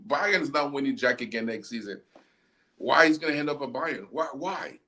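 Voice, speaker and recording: A man's voice: medium pitch, lively intonation, normal speed, bright, forceful tone. A man co-hosting a casual football chat, arguing emphatically and repeating words to drive points home. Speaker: football podcast co-host.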